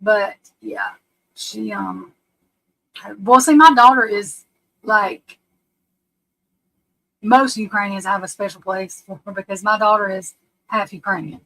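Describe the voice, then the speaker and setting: A woman's voice: medium pitch, steady tone, slow, pauses often, fairly bright tone, rough recording. A middle-aged woman from the United States hosting a live stream, rambling and frank, restarting her sentences and swearing casually.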